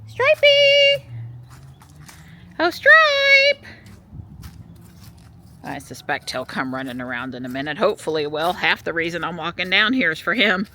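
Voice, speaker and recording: A woman chatting casually in a vlog outdoors in her yard, recorded on a small handheld camera and breaking into a high sing-song voice when she calls her pets. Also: fast, hardly any pauses, sharp tone. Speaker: vlogger.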